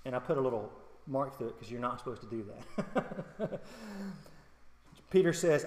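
A man's voice: medium pitch, sing-song, unhurried, long pauses. A middle-aged male pastor giving a conversational sermon with humor, personal stories and questions to the congregation. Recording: echoey hall.

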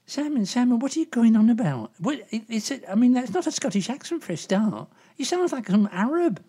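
A woman's voice: a little high, sing-song, brisk, dark tone, husky. A woman playing a gossipy older woman agony aunt in a comedy sketch, rambling with lots of asides. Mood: chatty. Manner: rambling, full of "you know" and asides.

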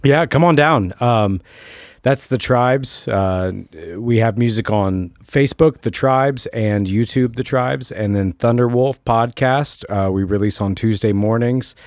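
A man guesting on a podcast, giving a relaxed, casual plug for his band with many fillers. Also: medium pitch, unhurried, no room sound, clean studio sound.

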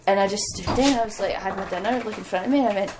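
A young woman, a wrestler, telling lively stories as an interview guest and laughing often. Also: mid-range voice, racing, heavy background noise. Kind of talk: casual anecdotal storytelling.

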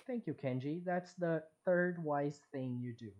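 A man co-hosting a podcast who retells events in slow, drawn-out phrases. His tone is casual and chatty. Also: on the high side, muffled recording. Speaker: podcast co-host. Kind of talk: casual chat.

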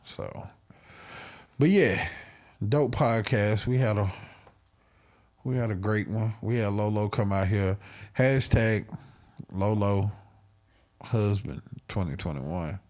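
Speaking slowly with frequent pauses, this podcast host has a voice on the low side. He tells animated, profane stories in casual banter, laughing often.

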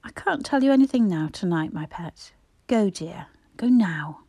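A woman voicing a gentle, worried Victorian mother who speaks softly and tenderly, in a storybook reading. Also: on the low side, lively intonation, moderate pace, husky, no room sound. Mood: hushed. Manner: soft, hushed, tender.

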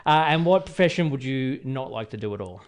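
A man hosts a radio interview from the studio, teasing his guest and cracking quick jokes. His pitch swings up and down with animated energy. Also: smooth. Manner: playful, joking, quick asides. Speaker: radio host.

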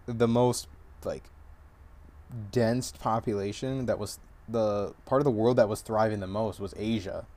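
Brief: laid-back male co-host, loose filler-heavy talk in an unscripted podcast, lowish voice. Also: fairly even intonation, unhurried, darkish tone. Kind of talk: casual chat.

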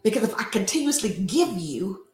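A woman's voice: mid-range voice, big pitch swings, normal speed, darkish tone. An older woman hosting a faith talk show, preaching and telling stories in a conversational way. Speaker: host and life coach. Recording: roomy echo.

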